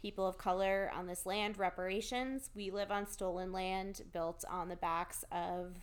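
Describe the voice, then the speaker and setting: A young woman co-hosts a podcast in a mid-pitched voice. She speaks in an earnest, outspoken way with jokey asides. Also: fairly even intonation, normal speed, clear, resonant tone. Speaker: podcast co-host. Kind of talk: casual chat.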